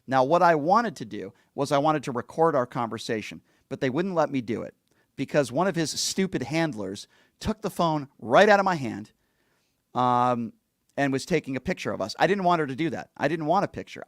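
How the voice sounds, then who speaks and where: A man's voice: medium pitch, lively intonation, a little fast, dry recording, studio quality. A middle-aged man hosting a show, recounting a story in a blunt, indignant, casual monologue and acting out the lines he quotes. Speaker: host.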